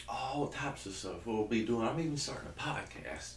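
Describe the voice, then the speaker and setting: A man's voice: mid-range voice, normal speed, few pauses, reverberant, recorded from a distance. A man in his thirties from South Georgia with a Southern accent, rambling jokily in a casual vlog and interrupting himself often. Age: 30s. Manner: rambling, jokey, self-interrupting. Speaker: keto vlogger.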